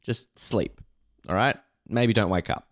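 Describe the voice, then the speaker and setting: A man's voice: fairly low pitch, a little slow. A man co-hosting a sports podcast, rambling and joking in casual chat with frequent restarts. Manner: rambling, joking, repeats words. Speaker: podcast co-host.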